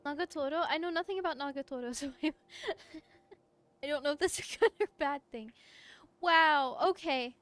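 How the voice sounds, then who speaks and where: Woman streamer, high voice, casual and gushing, talks straight into a desk mic. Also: normal speed, no room sound. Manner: excitable, gushing, laughs often. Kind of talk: casual live-stream chat while playing. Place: her room at home.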